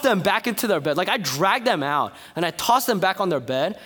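A young man preaching a sermon, telling a personal story with animated energy before turning to soft, earnest exhortation. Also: sits high, fairly quick, hardly any pauses. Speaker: pastor.

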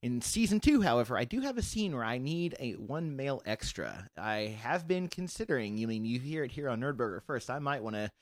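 A man's voice: mid-range voice, very animated, brisk, hardly any pauses, no room sound. A man co-hosting a podcast, explaining his own project earnestly in casual chat. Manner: earnest, rambling explanations with restarts. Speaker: podcast co-host.

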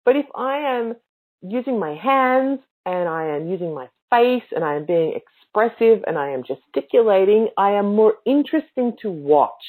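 A woman hosting a podcast and giving coaching tips in a casual teaching talk, speaking emphatically with expressive inflections. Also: mid-range voice, moderate pace, hardly any pauses. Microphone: livestream mic. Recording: tinny phone-like sound.

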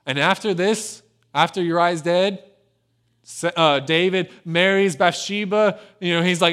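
A man delivers a sermon as a storyteller, with a voice pitched a little on the high side. He punches key phrases with energy and then sinks into quiet, low, intimate stretches. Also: measured pace, clear, resonant tone. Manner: swings between lively emphasis and hushed low delivery. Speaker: pastor. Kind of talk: sermon retelling a scripture story.

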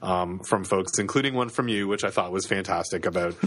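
A man's voice: low voice, fairly quick, a bit bright. A man in his thirties with a Canadian accent, co-hosting a podcast in casual chat, with many fillers and restarts. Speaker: podcast co-host.

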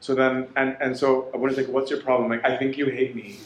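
A man's voice: mid-range voice, brisk, very noisy. Storytelling man in an echoey room. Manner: animated storytelling, quoting others in dialogue. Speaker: lecturer. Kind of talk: storytelling lecture.

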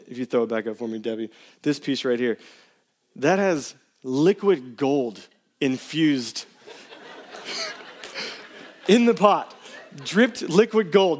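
A man in his thirties preaching a sermon to his church, telling personal stories in a casual, animated way. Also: on the high side. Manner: storytelling, animated, casual slang. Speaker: pastor.

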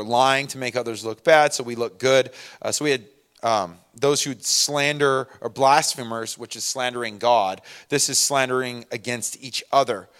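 A man preaching a relaxed, conversational sermon, full of asides and personal stories. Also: medium pitch, smooth. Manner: conversational, many fillers and asides. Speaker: pastor. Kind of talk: casual sermon.

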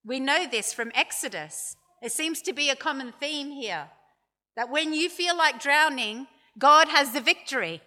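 High, slow-speaking woman preacher. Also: lively intonation, pushed and bright. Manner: measured storytelling with dramatic quoted lines. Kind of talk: sermon. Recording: long hall reverb.

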